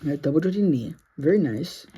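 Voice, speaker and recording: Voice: medium pitch, animated, moderate pace, warm tone, husky, muffled recording. A sleepy, yawning action figure reviewer talking through a casual toy review in a rambling, self-correcting, apologetic way.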